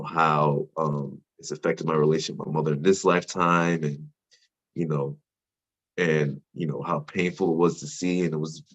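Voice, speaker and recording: A man's voice: sits low, breathy edge, dull audio. A man earnestly telling a reflective, confessional personal story in a spoken storytelling style. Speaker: storyteller at a men's sharing circle.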